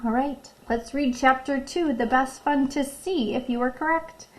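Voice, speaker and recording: A woman teacher reading a picture book aloud in a recorded lesson. She reads expressively, stops to ask questions and tells the children when to pause. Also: high voice, low-quality recording. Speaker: elementary school teacher.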